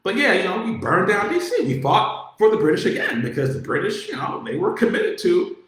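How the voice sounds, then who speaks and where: A man giving a casual political monologue, talking in a profane, animated way, with many filler words. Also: sits high, a little fast. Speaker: political commentator. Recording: very echoey room.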